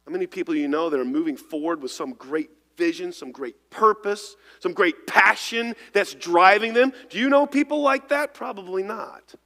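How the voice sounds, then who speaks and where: Preaching with hardly a pause, a pastor with a high voice speaks at a moderate pace in a large church sanctuary. His sermon is earnest, full of repeated and restarted words, and it rises loud before dropping to a hush.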